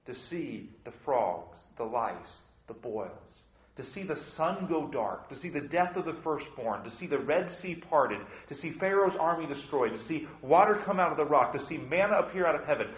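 A man's voice: fairly high pitch, expressive, moderate pace. A man preaching a verse-by-verse sermon, repeating rhetorical questions to drive his point home. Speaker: pastor. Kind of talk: expository sermon. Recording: echoey hall, dull lo-fi sound.

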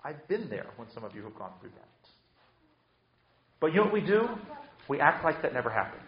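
A man's voice: fairly high pitch, big pitch swings, fairly quick, reverberant, muffled recording. A man preaching a sermon with emphatic delivery, often repeating words as he restarts. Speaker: pastor.

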